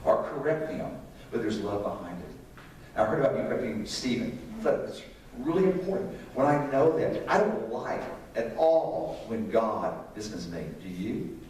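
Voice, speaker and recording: Very animated and speaking at a moderate pace, a man with a medium-pitched, darkish voice gives a parenting sermon in a church sanctuary. He chats with the congregation and asks them questions; the echoey hall, distant mic, and a faint hiss or hum color the sound.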